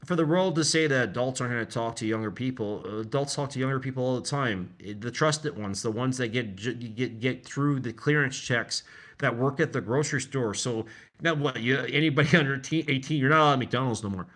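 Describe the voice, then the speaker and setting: A man's voice: mid-range voice, a little fast, fairly bright tone. Rambling, agitated man on a livestream. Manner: agitated, repetitive, restarts often.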